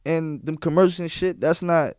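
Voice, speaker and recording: A young man talks in a smooth, clear voice at an average pitch, sounding close and dry. He tells his stories in relaxed street slang and keeps checking in with the listener. He is a DJ guest on a casual podcast. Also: normal speed, dry recording. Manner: laid-back slang, repeats "you feel what I'm saying". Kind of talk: casual podcast interview storytelling.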